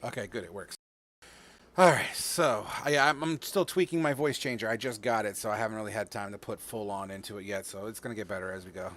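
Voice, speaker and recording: A man's voice: lowish voice, fast talker, a bit bright. A man running a tabletop game stream, chatting loosely with frequent fillers. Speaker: game master. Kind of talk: casual chat.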